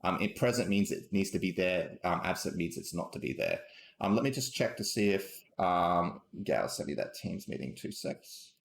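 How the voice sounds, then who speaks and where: A man's voice: deep voice, expressive, normal speed, creaky. A man hosting a casual tech live stream, rambling with lots of ums and restarts as he corrects himself. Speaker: host. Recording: roomy echo.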